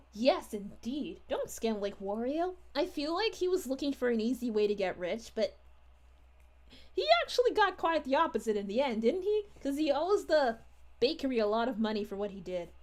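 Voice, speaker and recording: A sweet, bubbly young princess, as a woman plays her on a character livestream, chatting in a high, gushing voice. Her sing-song lines swoop up and down all over, full of giggles. She sounds delighted with everyone. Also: sing-song, normal speed. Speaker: character streamer reading chat.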